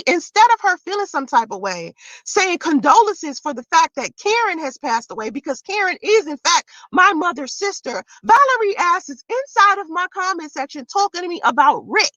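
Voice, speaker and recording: A woman's voice: very high voice, pushed and bright, no room sound, low-quality recording. A woman vlogger telling a story in a casual, profane rant, voice jumping into shrieks of disbelief.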